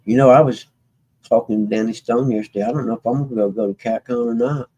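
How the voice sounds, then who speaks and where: A man's voice: mid-range voice, fairly even intonation, fast, warm tone, slightly rough, low-quality recording. A man chatting casually with his livestream viewers, rambling in a folksy way and often trailing off and starting over. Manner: meandering, folksy, trails off and restarts. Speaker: livestream host.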